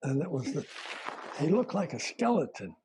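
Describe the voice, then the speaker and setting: An older retired army veteran man recalling his service in a plain-spoken, halting way, with fillers and self-corrections. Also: fairly high pitch, very animated, noisy background. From United States. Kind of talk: oral history recollection.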